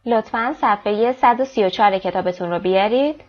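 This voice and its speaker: Teacher: woman, reads example lines slowly then explains fast, muffled lo-fi sound. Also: mid-range voice. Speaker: English teacher. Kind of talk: textbook lesson explained in Persian. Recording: dull lo-fi recording.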